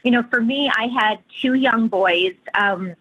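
A woman entrepreneur telling personal stories in a casual interview, earnest and animated, with frequent fillers. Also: fairly high pitch, a little slow, breathy edge, lo-fi sound. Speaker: guest entrepreneur.

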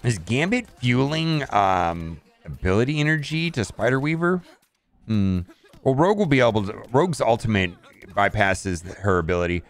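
A man's voice: mid-range voice, lively intonation, moderate pace. A man casually commenting on his mobile game as he plays, thinking aloud and restarting his sentences often.

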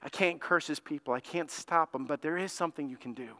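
A man voicing a hired prophet who lays out a crafty plan in a low, confiding tone, in a sermon retelling. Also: fairly quick, pushed and bright. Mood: scheming. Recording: long reverb of a church hall.

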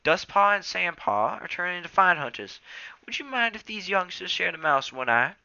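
A man's voice: high voice, big pitch swings, normal speed, creaky, sharp tone, highs cut off, voice pushed up, heavily acted. A young man voicing an impatient, crotchety old male elder cat in a storybook reading. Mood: chatty. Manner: snappish, impatient.

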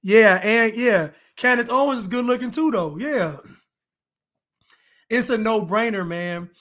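This man hosts a casual podcast stream, and his voice sits high for a man. He talks loosely and animatedly, jokes around and circles back to the same phrases. He keeps thanking his viewers as he goes. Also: measured pace. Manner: animated, joking, repeats himself. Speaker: podcast host. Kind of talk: casual live-stream chat.

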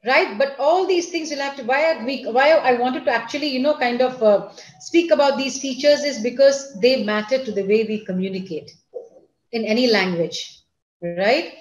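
A woman school principal, giving an online lecture to students and parents in an expressive, teacherly manner. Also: fairly high pitch, moderate pace, echoey room, poor audio. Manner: expressive, teacherly, addresses listeners directly.

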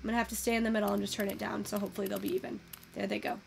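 A young woman giving casual, excitable commentary while taking in-game photos, swearing freely and gushing over what she sees. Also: medium pitch, very fast, gravelly, slight background noise. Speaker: virtual photography creator.

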